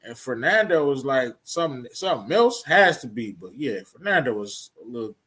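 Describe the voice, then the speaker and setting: Man, Southern US accent, co-host, animated, laughs often, slightly husky, very lively pitch. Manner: animated, laughing, quick reactions. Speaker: podcast co-host. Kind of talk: casual review chat.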